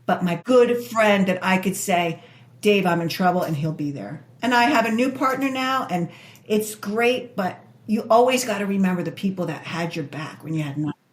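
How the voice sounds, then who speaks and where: A woman in her sixties from Spain talks with raw emotion, her words tumbling out and circling back on themselves. She sits in a roomy, echoing space, and her voice sits at an ordinary middle pitch. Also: lively intonation. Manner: emotional, rushed, repeats herself. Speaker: guest. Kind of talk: candid interview storytelling. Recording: echoey room.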